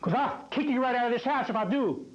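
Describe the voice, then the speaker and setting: A man's voice: very high voice, expressive, fast talker, muffled recording. A man playing an angry father scolding his son, hollering, stammering and coughing between lines, from an old public access TV tape.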